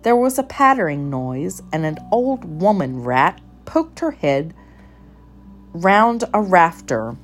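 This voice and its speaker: A woman narrates a children's storybook slowly, her pitch rising and falling freely. Faint music plays softly behind her. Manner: measured, expressive reading. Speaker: storybook reader.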